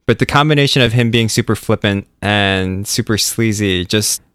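Smooth, low-voiced podcast co-host. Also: male voice, normal speed, a bit bright, no echo, studio quality. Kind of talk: casual chat.

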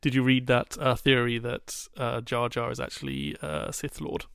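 A man chatting casually on a podcast, wry and quick to laugh, with frequent asides. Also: mid-range voice, level tone, vocal fry, fairly bright tone, clear, resonant tone, dry recording, clean studio sound.

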